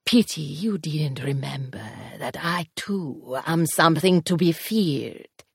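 A woman voicing a cruel, sneering male demon in an audiobook, with a low, breathy, menacing drawl. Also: animated, dry recording, clean studio sound, full character voice. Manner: slow, taunting drawl with soft hissed words. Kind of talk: audiobook character voice.

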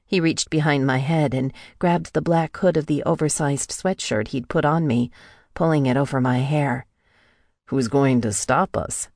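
A woman narrating a novel in the first person, with a steady storytelling read into a close mic. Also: low-pitched, normal speed, no room sound. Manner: even storytelling read, lightly acting out the heroine's lines. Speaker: audiobook narrator.

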